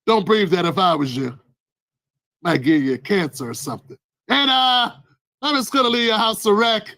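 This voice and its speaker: A man's voice: high voice, sing-song, moderate pace, vocal fry, bright, forceful tone, full character voice. A man acting out a condescending male home invader who pretends to be a helper, in a mock-soothing tone. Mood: smug. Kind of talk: acted-out skit in a commentary vlog.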